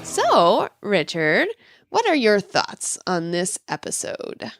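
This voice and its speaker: A woman's voice: medium pitch, wildly swooping pitch, takes it slowly, dry recording, studio quality, soft background music. A woman co-hosting a podcast in casual chat, enthusiastic and bubbly, laughing often. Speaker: podcast co-host.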